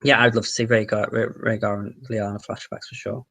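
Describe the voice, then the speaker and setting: A man's voice: lowish voice, level tone, a little fast, fairly bright tone. A man from the Wirral with a Merseyside accent, hosting a casual livestream Q&A, reading out viewer comments and answering them, swearing now and then. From the Wirral, England. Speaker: livestream host.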